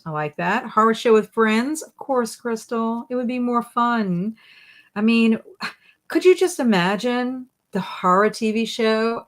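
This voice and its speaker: A young adult woman hosting a casual live stream at home, reading viewer comments aloud and answering them playfully, often laughing. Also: medium pitch. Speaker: livestream host.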